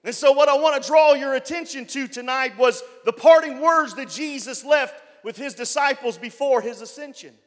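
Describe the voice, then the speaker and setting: A man preaching a sermon as pastor, building up to loud shouted passages. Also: very high-pitched, normal speed, few pauses, long reverb tail. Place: church.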